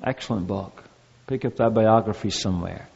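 A man's voice: fairly low pitch, moderate pace, creaky, a little mellow, breathy edge. A male pastor preaching a sermon to his congregation in an earnest, repetitive cadence. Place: church. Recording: dull, echoey church recording.

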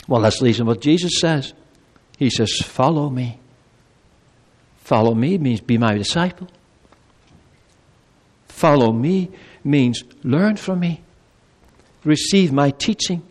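A male pastor delivering a sermon, swinging between raised, urgent appeals and low, quiet pleading, with measured pauses and repeated phrases. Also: big pitch swings. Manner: preaching with wide swings between loud high appeals and low quiet pleas.

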